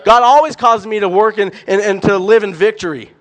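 A young man preaching a sermon, animated and emphatic, firing off rhetorical questions and repeating words. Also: high-pitched, a little fast.

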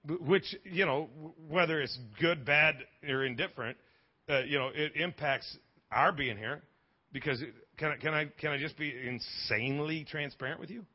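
A man preaching a lively sermon in a church, joking with the congregation and restarting his sentences often. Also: fairly high pitch, moderate pace, husky, lo-fi sound. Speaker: pastor. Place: church sanctuary.

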